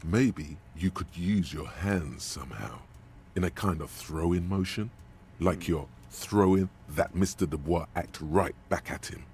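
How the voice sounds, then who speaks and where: An actor voicing a brooding inner voice of the mind that narrates in an ominous, taunting way for a video game. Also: male voice, low-pitched, measured pace, a little mellow, a little hiss or hum. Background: game music.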